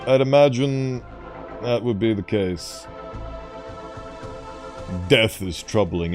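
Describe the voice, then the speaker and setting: A man's voice: fairly low pitch, slow pace, long pauses, music in the background. A man giving casual gameplay commentary with theatrical, mock-grand asides. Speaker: gaming YouTuber.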